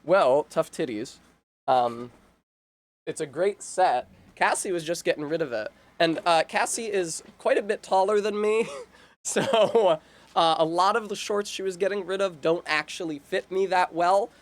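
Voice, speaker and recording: A man's voice: high voice, unhurried. A man chatting casually while live-streaming a game, rambling in a chatty way, full of fillers and self-interruptions.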